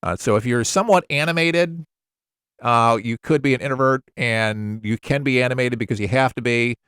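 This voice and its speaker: Male voiceover coach, mid-pitched, casual explainer, dry close recording. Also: normal speed, clean tone, dry recording. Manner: relaxed, conversational, explains with examples. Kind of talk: casual instructional talk.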